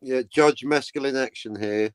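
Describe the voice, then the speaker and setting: A man's voice: medium pitch, moderate pace, crowd noise. A man joining a livestream panel as a guest, bantering in a playful, teasing way. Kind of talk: casual banter.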